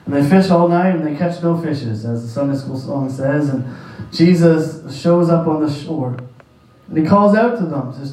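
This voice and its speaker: A man's voice: a little high, moderate pace, darkish tone. A male pastor delivering a sermon, emphatic and repetitive in his preaching. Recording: echoey room, distant mic.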